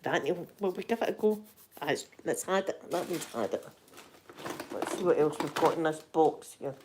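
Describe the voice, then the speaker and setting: A woman's voice: sits low, lively intonation, moderate pace, noisy background. An older woman with a Scottish accent, chatting casually and cheekily as an ASMR host, laughing often.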